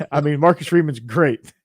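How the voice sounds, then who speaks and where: A man's voice: on the high side, takes it slowly, breathy edge, no echo, studio quality. A young man hosting a podcast, giving opinions in a rambling, casual way. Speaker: podcast host. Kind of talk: casual chat.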